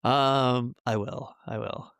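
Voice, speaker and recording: A man's voice: mid-range voice, fairly even intonation, slow, fairly bright tone, smooth, no room sound, clean studio sound. A man co-hosting a podcast, telling rambling school stories in casual chat with lots of fillers. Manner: rambling, many fillers and laughs. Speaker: podcast co-host.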